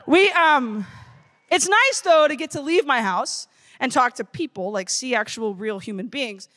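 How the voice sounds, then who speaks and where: A woman in her thirties giving a lively, playful talk to teenagers at a youth conference. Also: high-pitched, normal speed. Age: 30s. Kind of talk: motivational talk to teens. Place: conference stage before a crowd.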